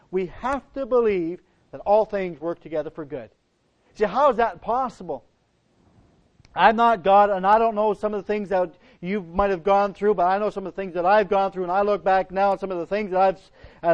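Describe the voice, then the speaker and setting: A man's voice: sits high, a little mellow. A middle-aged man, a pastor, preaching a sermon in a folksy, rambling way, telling a personal story with frequent restarts. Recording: dull lo-fi recording.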